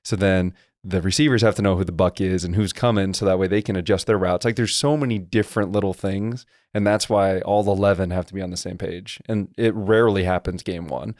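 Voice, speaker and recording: A man co-hosting a casual sports podcast, explaining football line play in quick, detailed technical breakdowns. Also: deep voice, steady tone, a little mellow, no room sound, studio quality. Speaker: podcast co-host and former lineman.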